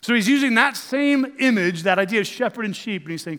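A man's voice: high voice, expressive, fairly quick, few pauses, fairly bright tone, in a large hall. A male pastor preaching a sermon in a church, talking conversationally with rhetorical questions and emphatic swings.

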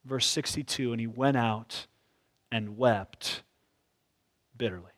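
A man preaching an expository sermon in a church. He talks reflectively and often softens his points with "sort of.". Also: medium pitch, slow. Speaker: pastor.

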